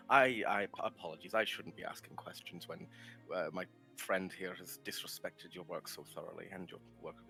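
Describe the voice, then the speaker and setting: A man's voice: deep voice, sharp tone. A man playing a rambling, polite minotaur. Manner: overly polite, hesitant, full of filler words.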